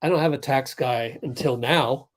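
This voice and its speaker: A young man hosting a casual sports livestream, thinking aloud and calling plays in quick bursts while chatting with viewers. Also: medium pitch. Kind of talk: casual live game commentary and chat.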